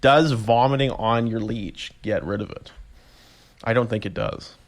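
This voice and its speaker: A young man, casually rambling through a solo podcast story, animated and self-amused. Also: mid-range voice, unhurried. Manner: rambling, animated storytelling with laughs and voiced reactions. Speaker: podcast host.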